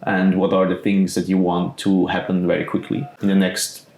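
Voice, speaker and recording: A man hosting an interview, upbeat and loose, quick to affirm his guest before asking the next question. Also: deep voice, monotone, a little mellow. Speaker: podcast host. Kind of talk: casual interview. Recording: echoey room with faint noise.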